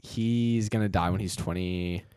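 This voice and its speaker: A man's voice: sits low, fairly even intonation, a little slow, darkish tone, smooth. A man in his early twenties co-hosting a podcast in casual, joking, profane chat. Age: early 20s. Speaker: podcast co-host.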